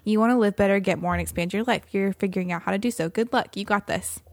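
A woman's voice: medium pitch, fast talker, a little mellow, no echo. Giggly woman chatting on a podcast. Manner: giggly storyteller, reads aloud and mimics friends. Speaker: podcast co-host. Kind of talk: casual chat.

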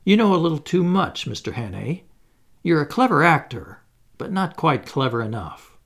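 A polished, menacing old gentleman, as a man reading a story puts him on, courteous and sure of himself. The voice is gravelly and moves freely in pitch. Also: normal speed. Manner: calm, smooth, assured.

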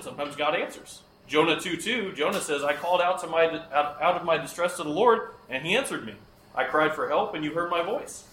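A man's voice: fairly high pitch, bright, forceful tone, reverberant, slight background noise, rough recording. A man teaching a Bible lesson to a class of children, often asking them questions and repeating their answers.

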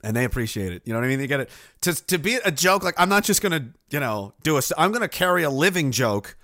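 A man's voice: a little high, big pitch swings, quick pace, a bit bright, no echo, clean studio sound. A man streaming casual rambling commentary, sardonic and laughing often as he trails off.

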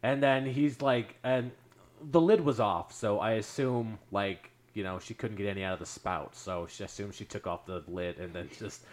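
A man's voice: fairly low pitch, normal speed. A man on a podcast casually telling a long anecdote, rambling with lots of fillers and restarts. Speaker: podcast storyteller.

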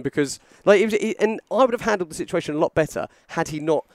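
A young man telling a story on a podcast, animated, acting out quotes with lots of fillers and restarts. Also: high voice, fast talker, hardly any pauses, no room sound, clean studio sound. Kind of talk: casual storytelling chat.

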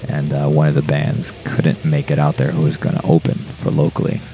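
A man's voice: a bass voice, completely flat delivery, a little fast, creaky, dark tone, soft background music. A young man, a guest on a podcast, telling a rambling, profane story with many fillers. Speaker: podcast guest, metal musician. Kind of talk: casual storytelling.

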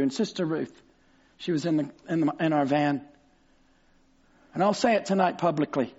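A male preacher delivering a fervent sermon, bursting into shouts and stretching out words for emphasis. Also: high voice, fairly quick. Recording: slightly dull recording.

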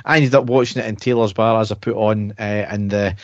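A man's voice: lowish voice, fairly even intonation, a little fast, no echo, highs cut off. A man co-hosting a podcast, telling a story in a chatty way and laughing at his own tales. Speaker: podcast co-host. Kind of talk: casual chat.

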